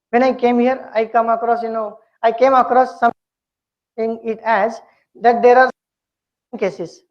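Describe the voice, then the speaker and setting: Woman teaching pronunciation, lo-fi recording. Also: fairly high pitch. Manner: slow and deliberate, repeats words to model pronunciation. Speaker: English communication skills teacher. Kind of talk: pronunciation lesson. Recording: dull lo-fi lecture recording.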